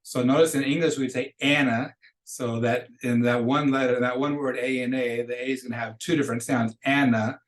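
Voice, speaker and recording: A man teaching a recorded beginner language lesson, explaining casually and slowly modeling each phrase twice for students to repeat. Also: medium pitch. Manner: casual explaining with restarts between drills. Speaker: Spanish teacher.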